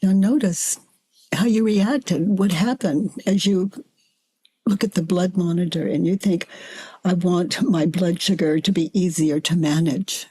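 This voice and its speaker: An older woman facilitating a self-inquiry dialogue, gently coaxing her guest and calling her honey. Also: on the low side, breathy edge. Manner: gentle, slow, coaxing with endearments.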